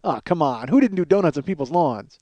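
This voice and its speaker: A man's voice: a little high, expressive, a little fast, warm tone. A middle-aged man from the Chicago area telling rambling, profane, self-mocking comic stories as a podcast host, acting out bits of dialogue. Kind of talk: comic storytelling monologue.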